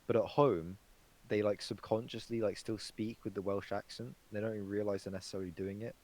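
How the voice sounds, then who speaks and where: A man's voice: fairly low pitch, steady tone, a little fast, a little mellow, poor audio. A young man chatting casually on a podcast, rambling with lots of fillers and swearing. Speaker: podcast co-host. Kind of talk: casual chat.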